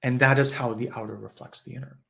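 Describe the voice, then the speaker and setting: A man's voice: mid-range voice, steady tone, fast, gravelly, bright, forceful tone. A man giving a conversational spiritual teaching in a live online session, often acting out quoted voices.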